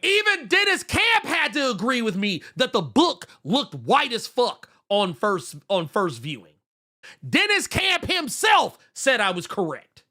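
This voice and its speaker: A man's voice: high-pitched, huge pitch swings, a little slow, bright, forceful tone. A man co-hosting a comics podcast, ranting in a heated, profane way with lots of restarts while reading out viewer messages. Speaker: podcast co-host.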